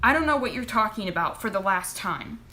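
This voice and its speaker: A woman's voice: mid-range voice, expressive, brisk, bright, forceful tone, a little hiss or hum. A woman voicing a stern, scolding mother. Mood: firm. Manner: scolding and firm. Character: stern, tearful mother of a teen.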